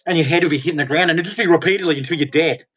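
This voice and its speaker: A man's voice: a little high, racing, a bit bright, husky. Heated man ranting. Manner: heated, swearing, emphatic. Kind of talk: angry ranting monologue.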